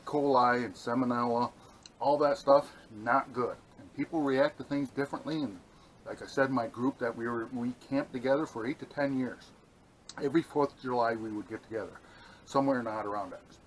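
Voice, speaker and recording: A man's voice: medium pitch, normal speed, slight background noise, low-quality recording. Enthusiastic rambling man outdoors. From New York state. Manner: enthusiastic, rambling, talks while eating. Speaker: outdoor vlogger. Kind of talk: casual cooking review vlog. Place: outdoors at a campsite.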